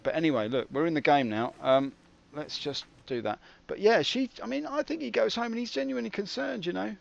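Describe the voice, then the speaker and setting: A man's voice: high voice, brisk, creaky. A British man giving wry, rambling commentary while streaming a game. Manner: wry, rambling, self-mocking. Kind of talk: casual livestream commentary. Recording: dull lo-fi with faint hiss.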